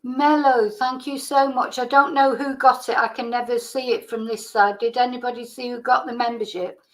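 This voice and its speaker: Woman, higher-pitched voice, chatty live stream co-host, thanks viewers by name. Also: level tone, normal speed, rough recording. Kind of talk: casual chat.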